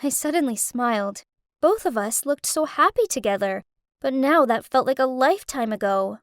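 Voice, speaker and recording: A woman tells a dramatic story in the first person. Her voice sits high and swings widely as she narrates. The sound is dry and close. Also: lively intonation, normal speed, no echo. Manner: emotional, dramatic delivery.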